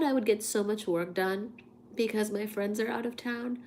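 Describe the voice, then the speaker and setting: A woman's voice: medium pitch, steady tone, normal speed, darkish tone, slight background noise. A woman hosting a casual livestream while congested with a cold, chatty and laughing at herself between coughs. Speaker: livestream host.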